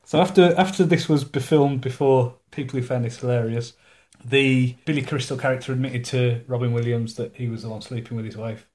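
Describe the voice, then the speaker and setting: This man talks over his co-host in loose, sarcastic banter, swears freely and laughs at his own jokes. His pitch sits in a middle register, and he picks apart a sitcom episode scene by scene. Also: fairly even intonation, brisk, darkish tone. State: recovering from an ear infection. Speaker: podcast co-host. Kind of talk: casual banter about a TV episode.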